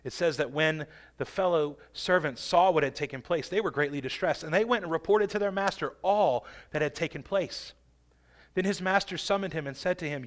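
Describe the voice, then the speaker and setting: A man preaching a sermon with emphatic delivery, stretching and swelling key phrases and dropping to a hush. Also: a little high, brisk. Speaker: pastor.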